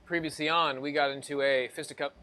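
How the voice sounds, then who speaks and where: A man's voice: on the high side, steady tone, fast talker, bright, forceful tone, slight background noise. A man narrating as dungeon master of a streamed tabletop game, loose and rambling, with restarts and asides.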